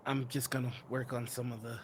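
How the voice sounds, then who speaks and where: A man's voice: mid-range voice, gravelly, darkish tone, husky. A man playing a tabletop game, hesitant and careful as he checks the rules. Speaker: player. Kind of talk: tabletop role-play.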